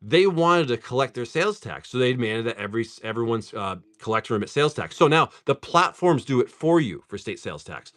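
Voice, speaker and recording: A man's voice: medium pitch, fairly quick, few pauses. A man chatting casually on a livestream, telling a long story in a chatty style full of "dude" and "like". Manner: chatty and animated, says "dude" and "like" often. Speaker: livestream card seller. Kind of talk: casual storytelling while opening card packs.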